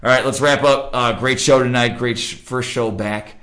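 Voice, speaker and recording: A man's voice: mid-range voice, steady tone, normal speed, fairly bright tone. A man hosting a casual sports podcast, loose and joking as he wraps up the show with friends. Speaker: podcast host.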